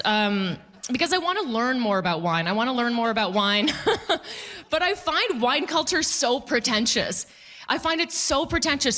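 A woman comedian doing a stand-up set, animated and punchy, often laughing at her own jokes. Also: fairly high pitch.

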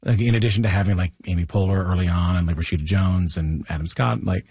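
Husky low-voiced interviewer guy, rambly questions, dry sound. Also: fast, darkish tone, no echo. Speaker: interviewer host. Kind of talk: interview conversation.

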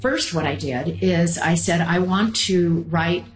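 An older woman, a mother being interviewed, recounting a past decision in a deliberate, careful way. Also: fairly low pitch, faint music behind. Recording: roomy, echoey room sound.

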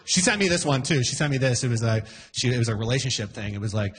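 A man in his forties doing a stand-up comedy set, shouting character voices for punchlines. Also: mid-range voice, rapid-fire, hardly any pauses.

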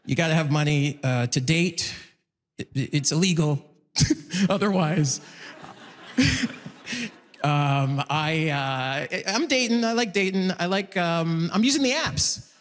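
A man's voice: on the high side, takes it slowly, long pauses, big-room sound. A man doing a stand-up comedy set, telling stories and acting out the people in them. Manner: animated storytelling, acting out voices.

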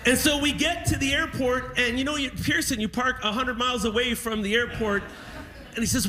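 A male stand-up comedian, telling a family story in an animated way and laughing through the punchlines. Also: extremely high pitch, brisk.

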